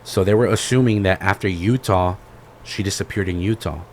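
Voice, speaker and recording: Very deep-voiced laid-back podcast guy. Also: a little fast, a little hiss or hum. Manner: rambling, laid-back retelling with lots of fillers; slangy, says "bro". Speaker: podcast co-host. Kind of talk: casual podcast chat.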